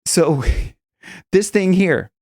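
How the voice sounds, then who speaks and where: A man's voice: high-pitched, extremely slow, darkish tone, dry recording, clean studio sound. A man teaching singing in a casual, rambling way, with many restarts and demonstrations. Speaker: vocal coach.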